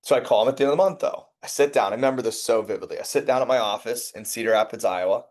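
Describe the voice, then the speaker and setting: A man giving a lively sales training talk, telling stories and checking in with the room. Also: medium pitch, racing. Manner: energetic, conversational, checks in with listeners.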